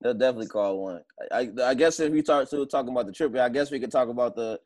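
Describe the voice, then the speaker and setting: A man co-hosting a podcast, telling a trip story in a halting, repetitive, casual way. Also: mid-range voice, darkish tone, no echo. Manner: halting, repeats words while telling a story. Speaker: podcast co-host.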